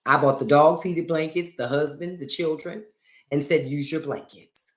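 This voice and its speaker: A woman's voice: low-pitched, fairly even intonation, moderate pace. A middle-aged woman hosting a casual livestream chat, joking and telling stories with theatrical flair into a phone. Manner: chatty, joking, theatrical storytelling. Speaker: livestream host. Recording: echoey room.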